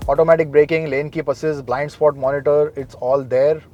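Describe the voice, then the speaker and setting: Measured man reviewing a car. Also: on the high side, flat delivery, warm tone, highs cut off, faint music behind. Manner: measured, informative, matter-of-fact.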